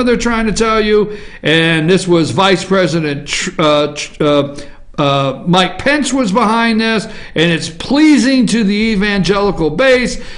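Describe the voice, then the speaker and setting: A man's voice: high-pitched, fairly bright tone. A man hosting an opinion talk show, ranting in a combative monologue and punctuating points with "okay?". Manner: combative, repeats "okay?" often. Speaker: host.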